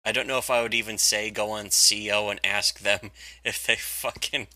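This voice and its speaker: A man with a bright, forceful voice and a lowish pitch talks through a comic in loose, rambling chat. He laughs often and swears freely. The sound is dry and close. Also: fairly even intonation, moderate pace, dry recording. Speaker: comics review host. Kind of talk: casual profane chat.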